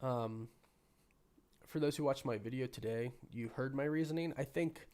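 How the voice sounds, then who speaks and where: A man with a cold, hoarse and sniffly, hosting a casual live stream and chatting with viewers while thinking aloud. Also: medium pitch, moderate pace, darkish tone. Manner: rambling, thinking aloud with many restarts. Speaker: livestream host.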